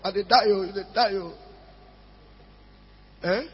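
A man's voice: sits high, slow, husky. A man preaching a sermon as pastor, emphatic and repetitive, slipping into pidgin phrases. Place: church hall. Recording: dull sound with long hall reverb.

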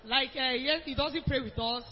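A woman's voice: high voice, moderate pace. A woman asking her pastor a question, earnest and hesitant with many fillers. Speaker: congregation member asking a question. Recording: echoey hall, dull lo-fi sound.

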